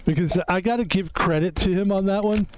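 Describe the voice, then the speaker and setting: A man's voice: high-pitched, brisk, slight background noise. Rambling man commentating a poker game. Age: adult. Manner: rambling, self-correcting, swears when frustrated. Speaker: gaming video host. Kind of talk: casual gameplay commentary.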